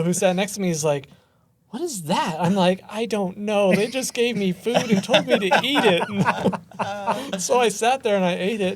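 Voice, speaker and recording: A man hosting a casual podcast, telling a self-deprecating story about his training days. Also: high voice. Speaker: podcast host.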